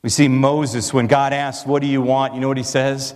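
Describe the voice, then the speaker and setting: A man's voice: mid-range voice, flat delivery, moderate pace. Guy preaching a sermon, earnest and emphatic, lots of rhetorical questions, echo trails off long. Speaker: pastor.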